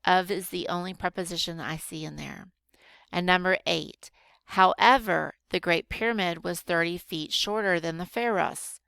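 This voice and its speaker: Patient teacher woman, gravelly voice. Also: on the low side, moderate pace, a bit bright, no room sound. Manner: patient, explains step by step with frequent ums. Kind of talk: recorded grammar lesson.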